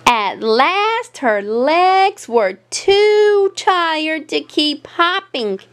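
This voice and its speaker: A woman's voice: high voice, big pitch swings, extremely slow. A woman reading a children's picture book aloud with a playful, sing-song delivery. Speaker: storyteller.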